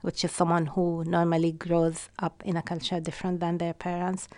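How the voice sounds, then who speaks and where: A woman calmly and thoughtfully reflecting on belonging in an interview. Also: lowish voice, normal speed, dry recording.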